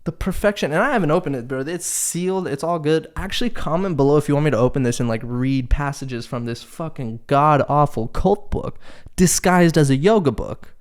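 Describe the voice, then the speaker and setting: A young man holds forth alone on his podcast, his voice leaping around in pitch as he tells the story. He talks casually and curses often, with an exasperated, disbelieving edge. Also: brisk. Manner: animated, profane, exasperated storytelling. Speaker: podcast host. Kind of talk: casual solo podcast rant.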